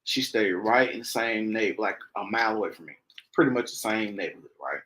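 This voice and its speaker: A young man hosting a podcast, telling a personal story in a casual, animated way and acting out the quoted voices. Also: on the low side, a little fast, poor audio. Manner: animated, acts out quoted speech in raised voices. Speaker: podcast host.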